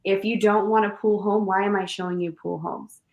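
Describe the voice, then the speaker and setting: A woman's voice: medium pitch, fairly even intonation, normal speed, gravelly, muffled recording. A woman real estate agent talking casually, explaining things and asking rhetorical questions. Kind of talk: casual conversation on a show. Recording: echoey room.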